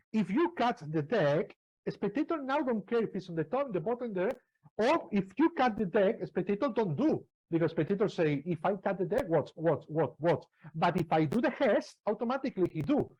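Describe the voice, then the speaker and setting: A man's voice: high-pitched, a little mellow. A man whose first language is Spanish, lecturing a small group on card magic in broken English and acting out how spectators reply. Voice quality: non-native English with broken grammar and repeated phrases. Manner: demonstrative, acts out spectator replies. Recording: dull lo-fi recording.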